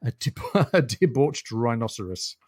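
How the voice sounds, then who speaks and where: A man's voice: medium pitch, big pitch swings, unhurried, a little mellow, no echo, clean studio sound. A man co-hosting a podcast, chatting thoughtfully about a novel and laughing now and then. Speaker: podcast co-host. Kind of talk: casual book discussion.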